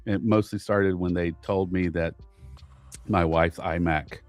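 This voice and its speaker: A man co-hosting a podcast, telling a frustrating story in casual chat, animated and exasperated, often restarting his sentences. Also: low voice, measured pace, no room sound, faint music behind. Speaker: podcast co-host.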